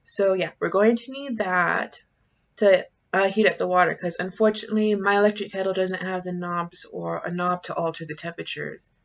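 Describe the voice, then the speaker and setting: A woman's voice: fairly low pitch, steady tone, moderate pace, gravelly, highs cut off. A woman talking through a coffee recipe in her home kitchen. She keeps it casual and playful, with self-mocking jokes along the way. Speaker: home cooking vlogger.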